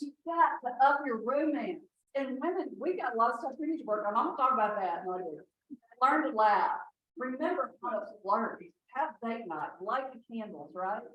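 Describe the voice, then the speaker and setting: A woman, giving a folksy, lively inspirational talk to an audience. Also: mid-range voice, distant mic, a little hiss or hum. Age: 60s. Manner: folksy, lively storyteller, laughs often. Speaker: retreat speaker. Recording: echoey hall, speaker off mic.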